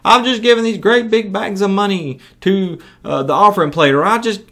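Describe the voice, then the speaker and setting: A man putting on a high, bragging show-off. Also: normal speed, sharp tone, exaggerated voice. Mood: boastful. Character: boastful showy man bragging about his giving.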